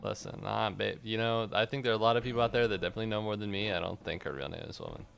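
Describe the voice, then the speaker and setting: A man streaming himself playing an action game, commenting casually, excitable, swearing and joking at the game. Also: fairly low pitch, racing, vocal fry, faint music behind.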